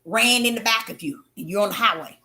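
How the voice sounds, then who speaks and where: A woman hosting a spiritual talk, telling stories in an animated, emphatic way that swings between loud and hushed. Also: mid-range voice, fairly quick. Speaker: host.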